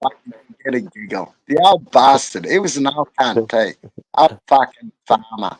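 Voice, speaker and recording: A man's voice: mid-range voice, animated, normal speed, dry recording, low-quality recording. An Australian man joking as a guest on a live stream, full of slang and heavy swearing. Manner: crude banter, heavy swearing, Aussie slang. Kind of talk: casual live stream chat.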